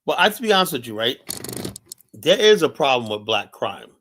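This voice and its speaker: Male stream host, mid-pitched, impassioned rant, repetitive, filler-heavy. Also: big pitch swings, fairly quick, fairly bright tone, slight background noise. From United States. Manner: urgent, emphatic, repeats himself with many fillers. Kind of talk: impassioned monologue commentary.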